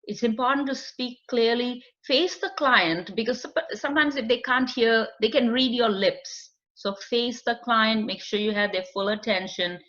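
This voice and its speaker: A woman with a somewhat high, slightly bright voice explains a screening test in a training lecture at normal speed, barely pausing. Her English has a non-native accent, and she relies on fillers and acted client quotes. The recording sounds dull and lo-fi.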